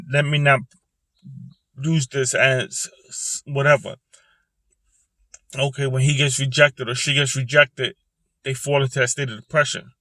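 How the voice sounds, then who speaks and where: A man talks into a close mic from a parked car, earnest and halting, often repeating himself as he works through his thoughts. His voice has a bright, forceful edge, and the sound is dry and close with no room echo. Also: mid-range voice. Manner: earnest, repetitive, halting, with pauses and restarts. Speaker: vlogger speaking about depression. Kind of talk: personal confessional monologue.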